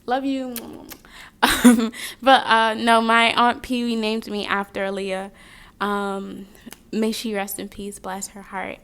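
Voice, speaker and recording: A woman's voice: on the high side, flat delivery, slow pace, a bit bright, clear, resonant tone. A young woman giving a casual tarot reading, chatty and rambling, drifting off on tangents between the cards. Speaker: tarot card reader.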